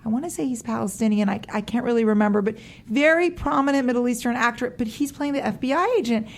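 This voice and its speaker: A woman's voice: fairly high pitch, quick pace, vocal fry. A woman, an actress guest on a radio interview show, chatting casually, laughing often and using lots of "like" and "you know".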